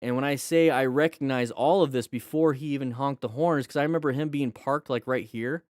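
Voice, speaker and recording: A man's voice: medium pitch, brisk, a little mellow, dry recording, studio quality. A man hosting a casual livestream, commenting on riding videos as a motorcycle instructor, joking and teaching in a loose conversational way with lots of fillers.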